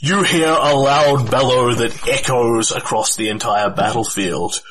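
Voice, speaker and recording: A man narrating a tabletop game as game master in a deliberate, descriptive way. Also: mid-range voice, fairly bright tone, breathy edge, low-quality recording.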